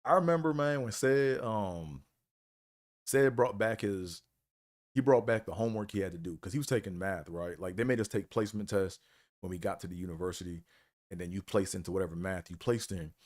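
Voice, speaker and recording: On his live stream, a man with a low voice shares college stories at a brisk clip, laid-back in tone and full of "man" and "you know."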